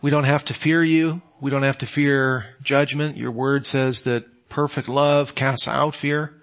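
A man's voice: mid-range voice, level tone, measured pace, fairly bright tone. A man preaching a sermon as a pastor, emphatic, and ending with a spoken prayer. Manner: emphatic, rising to exclamations then closing in prayer.

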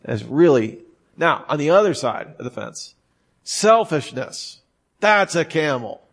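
A man's voice: fairly high pitch, sing-song, unhurried, creaky, a bit bright, husky. Man preaching casually with sudden emphasis. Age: adult, former smoker. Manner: conversational, emphatic, with frequent restarts. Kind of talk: informal sermon.

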